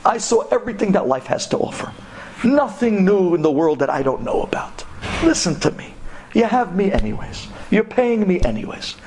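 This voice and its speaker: A man voicing a brash, scoffing older taxi driver and war veteran who shouts and mixes in Hebrew phrases. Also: high-pitched, big pitch swings, normal speed, a little hiss or hum. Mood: scoffing, ranting.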